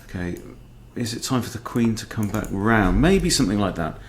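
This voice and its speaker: A man, a chess coach thinking aloud in a relaxed, understated way as he plays a fast game. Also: lowish voice, slight background noise. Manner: muttering, understated, self-talking. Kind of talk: thinking aloud while playing blitz chess.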